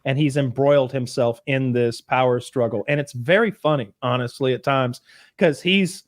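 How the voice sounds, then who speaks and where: A man co-hosting a casual podcast chat, telling stories with animated bursts and acted-out quotes. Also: mid-range voice, normal speed, dry recording, studio quality. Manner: animated storytelling, acts out quotes in loud bursts. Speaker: podcast co-host.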